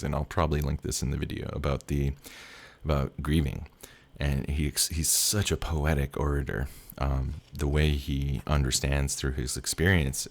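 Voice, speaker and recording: A young man casually telling a personal story as a tarot reader, rambling and candid, laughing often and swearing. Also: a bass voice.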